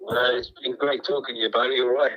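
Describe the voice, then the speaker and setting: A man's voice: medium pitch, fairly even intonation, fast talker, natural voice. A male caller doing a put-on Australian accent over a muffled phone line, rambling and joking. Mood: mock accent. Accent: mock Australian. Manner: jokey, rambling, laughing.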